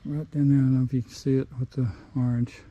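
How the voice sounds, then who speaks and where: In a casual outdoor work vlog, a winded middle-aged man talks in a plain, rambling way among the trees, often stopping and starting over. The voice is mid-range, level and mellow, with the highs cut off.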